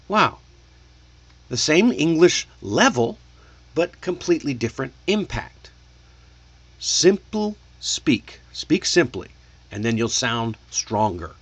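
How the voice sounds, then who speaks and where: A man teaching spoken English online, coaching in a deliberate way and showing rising and falling intonation. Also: mid-range voice, very animated, a bit bright, husky. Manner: coaching, deliberate, checks in with "okay?".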